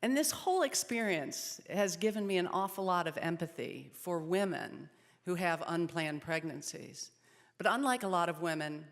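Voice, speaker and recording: A woman's voice: on the low side, moderate pace. Earnest woman telling her story in a hall. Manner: earnest storytelling, softening in sad moments. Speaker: speaker at a pregnancy center event. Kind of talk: personal testimony speech. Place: event hall. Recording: long reverb of a hall.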